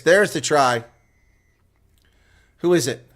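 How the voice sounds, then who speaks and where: A man giving live play-by-play rugby commentary as a solo reaction streamer, talking casually and getting louder and more worked up when attacks build near the try line. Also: medium pitch, normal speed. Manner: excitable, rising to near shouting on attacking plays.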